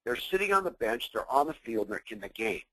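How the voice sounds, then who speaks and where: A man's voice: mid-range voice, big pitch swings, quick pace, pushed and bright, breathy edge, no echo, low-quality recording. A man leading a motivational business training call, intense and emphatic, firing rhetorical questions at his listeners. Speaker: business coach.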